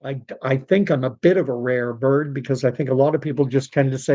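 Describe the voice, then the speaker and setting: Canadian guy doing a live unscripted show, chatty, lots of uhs and restarts, mid-pitched voice. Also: a little fast, hardly any pauses, warm tone. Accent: Canadian English. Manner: conversational, thinks aloud with fillers and restarts. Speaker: podcast host. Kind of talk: unscripted livestream commentary.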